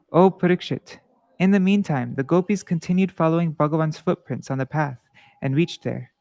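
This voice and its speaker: A man reading devotional scripture and commentary aloud to a class, measured and earnest, with small restarts. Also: fairly high pitch, gravelly, darkish tone, no room sound.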